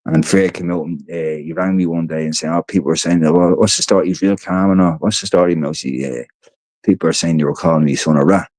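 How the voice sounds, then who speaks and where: Speaking fast in a deep, slightly mellow voice with fairly even intonation, this weary man from Ireland rambles through stories on his home livestream. He swears a lot and says things twice, and the recording has no echo.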